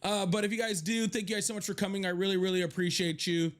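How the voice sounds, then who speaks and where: A man's voice: sits high, fairly even intonation, fast talker. A young man hosting a casual livestream from his home office, chatting with viewers, thanking them by name and swearing freely. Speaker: livestream host.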